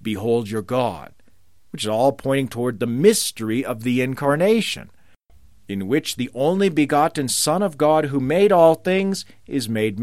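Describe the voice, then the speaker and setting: Lively preaching man, dry sound. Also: medium pitch, no echo. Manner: lively, rising to ringing emphasis on scripture quotes. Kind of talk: sermon.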